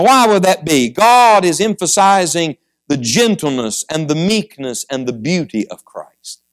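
A man preaching a sermon, moving between quiet storytelling and rising, fervent appeals to the congregation. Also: a little high.

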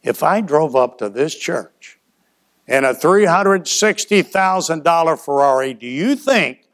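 A man preaching to a church in a folksy, storytelling sermon, his voice sitting a bit high for a man. He acts out short back-and-forth exchanges, swinging from loud to quiet as he goes. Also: animated, measured pace. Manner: folksy storytelling with acted-out dialogue and shifts in loudness.

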